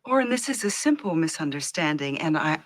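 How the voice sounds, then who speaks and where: An actress playing a flustered female executive who is caught out, halting and evasive in film dialogue. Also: sits low, big pitch swings, no room sound.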